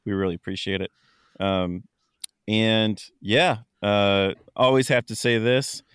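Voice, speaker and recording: A man's voice: on the low side, fairly even intonation, slow pace, fairly bright tone, clean tone, no room sound, clean studio sound. A man co-hosting a podcast, chatting casually with frequent ums and restarts. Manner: rambling, lots of ums and fillers. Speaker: podcast co-host.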